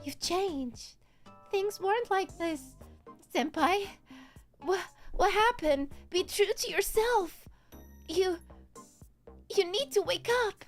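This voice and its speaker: A woman's voice: takes it slowly, pauses often, faint music behind, heavily acted. A woman playing a melodramatic anime heroine. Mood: pleading. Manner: high, pleading, melodramatic. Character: earnest young female anime heroine giving a dramatic speech.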